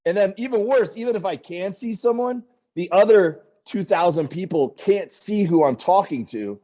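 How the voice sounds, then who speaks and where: A comedian guest with a high-pitched voice tells stories in a casual chat at normal speed. He's an animated storyteller who acts out the people in his tales and their quoted voices.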